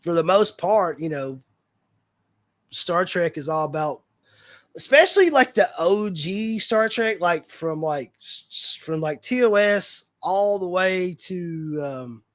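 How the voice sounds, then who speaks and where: A man's voice: sits high, expressive, slow pace, no echo. Rambling male stream host, raised voice. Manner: rambling, heavy use of fillers like "like" and "you know". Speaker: livestream host. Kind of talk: casual fan chat.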